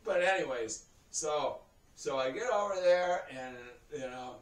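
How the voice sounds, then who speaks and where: Male vlogger, casual storytelling, swears and laughs through it, slightly high voice, distant camera mic. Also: lively intonation, unhurried. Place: indoor room. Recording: roomy echo, heard from a distance.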